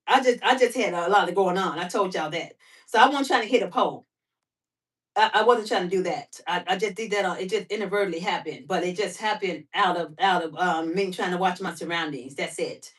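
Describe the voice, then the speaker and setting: A woman hosting a casual livestream, talking to her chat in an animated, talkative way, laughing often and firing off rhetorical questions. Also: a little high. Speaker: livestream host. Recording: voice somewhat far from the mic.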